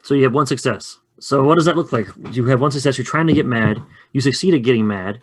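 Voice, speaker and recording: A man casually running a two-player tabletop game, chatty and quick to laugh. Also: mid-range voice, husky. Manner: chatty, laughs often, loose. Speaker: game facilitator. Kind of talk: casual actual-play chat.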